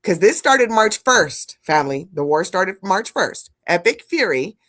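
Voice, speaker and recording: A woman's voice: lowish voice, measured pace. A woman streaming live, reacting to news clips and chatting with her viewers, blunt and profane, calling them "family". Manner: animated, blunt, profane, talks to chat as "family". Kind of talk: live-stream commentary chat.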